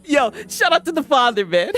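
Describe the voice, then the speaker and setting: A man streaming gaming reactions in casual, excitable commentary, swearing often and laughing a lot. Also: very high voice, moderate pace.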